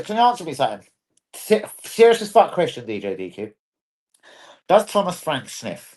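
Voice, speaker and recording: A man hosting a rowdy livestream fan chat, swearing constantly and swinging from low mumbles to loud outbursts. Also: very animated, moderate pace. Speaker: livestream host. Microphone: computer mic on a livestream.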